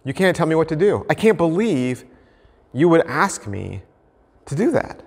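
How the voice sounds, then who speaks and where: Brief: pastor doing an indignant guest, defiant and touchy, slightly high voice, long reverb. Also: male voice, very animated, normal speed, darkish tone. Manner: defiant, then hurt and sulky. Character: stubborn, indignant guest who feels slighted.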